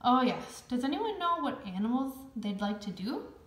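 A woman's voice: a little high, big pitch swings, moderate pace, pitched above the performer's own voice. A woman reading the part of a strict female schoolteacher in a storybook, firm and patient. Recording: roomy echo.

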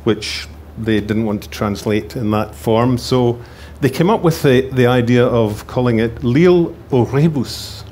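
A man's voice: mid-range voice, a little slow, few pauses, a little mellow, a little hiss or hum. A male crime novelist from Scotland speaking on a panel, telling anecdotes with frequent ums and restarts. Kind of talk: panel talk. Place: festival stage.

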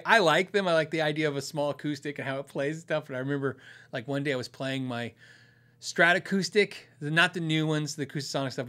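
A man's voice: mid-range voice, bright, forceful tone. A man hosting a podcast, telling stories in a rambling, casual way and chuckling often. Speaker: podcast host.

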